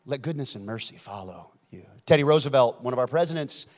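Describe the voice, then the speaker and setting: A man preaching a sermon, swinging from loud emphatic lines to hushed ones. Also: medium pitch, expressive, fast. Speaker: pastor. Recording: long hall reverb.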